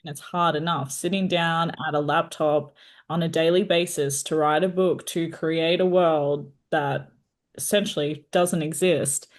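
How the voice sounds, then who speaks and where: A woman's voice: sits low, fairly even intonation, a little slow. Upbeat woman interview host. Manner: encouraging and upbeat. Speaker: podcast host. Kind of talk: casual interview chat.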